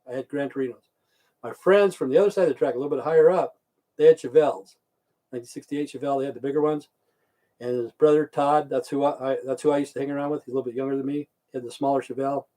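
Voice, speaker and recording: On a livestream, a middle-aged man with a mid-range, darkish voice tells a rambling, crude story, swearing constantly and repeating himself.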